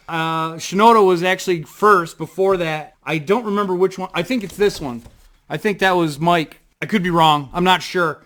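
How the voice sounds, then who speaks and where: A man vlogging from his home desk, telling a story in a rambling, excitable way, full of fillers and the odd swear word. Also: fairly high pitch, normal speed. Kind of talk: casual storytelling to camera. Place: home desk in front of a computer.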